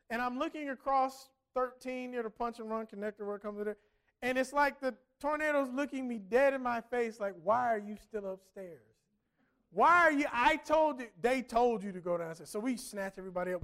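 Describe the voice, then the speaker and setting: A middle-aged man preaching a sermon, telling a story with emphatic swings between loud and soft. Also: very high voice. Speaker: pastor.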